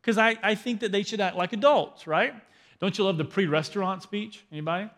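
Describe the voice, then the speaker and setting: Delivering a parenting sermon, a thirtysomething male pastor keeps things light and conversational, firing questions at the crowd and cracking self-deprecating jokes. He speaks briskly in a high voice with lively intonation and a slightly bright quality, in a big-room acoustic.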